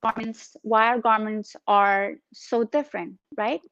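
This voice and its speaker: A woman in her thirties with a Spanish accent, an entrepreneur guest telling her story with animated energy in a casual interview. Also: mid-range voice, a little slow, no echo, dull audio. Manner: animated, acts out phone calls in her story.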